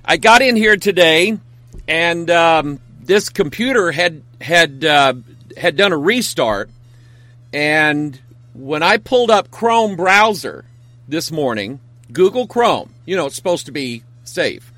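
A man with a higher voice talks slowly and earnestly as a pastor hosting his talk show. His speech rambles through stories with emphatic turns, and the sound is dry and close. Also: lively intonation, pushed and bright, no echo. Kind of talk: casual talk show monologue.

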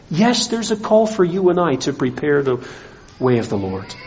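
A male pastor preaching a sermon, rising to strong emphasis and dropping low again. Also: muffled recording.

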